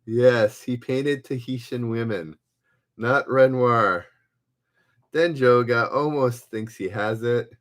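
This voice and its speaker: A man hosts live trivia and talks at an unhurried, plodding pace. His pitch sits in a middle range. He reads each question twice and trails off often as he looks for words. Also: a bit bright. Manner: halting, hesitant, reads questions aloud twice with many fillers. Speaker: livestream trivia host. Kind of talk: casual live-stream chat.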